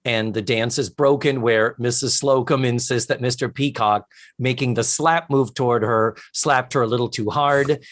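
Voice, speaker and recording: Man, podcast co-host, casual chat, animated retelling, medium pitch. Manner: animated retelling of scenes with quick quoted voices.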